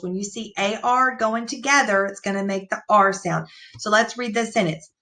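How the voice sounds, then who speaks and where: A woman teacher giving an online reading lesson to young children, reading sentences aloud slowly and patiently. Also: medium pitch, sharp tone. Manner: slow, clear, patient read-aloud.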